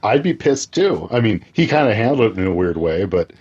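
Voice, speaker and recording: A man with a husky voice chats bluntly about a film on a podcast, tossing in crude remarks. The audio is dull and lo-fi, with the top end missing. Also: lowish voice, very animated, a little fast, a little mellow. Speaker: podcast co-host. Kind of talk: casual movie-recap chat. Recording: dull lo-fi sound.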